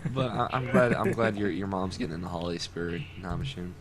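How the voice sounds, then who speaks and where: A man's voice: low voice, fast. A man hosting a podcast, chatting casually over a video call and telling stories with plenty of laughs. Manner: animated storyteller, laughs often. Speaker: podcast host. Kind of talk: casual chat. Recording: noisy online call audio.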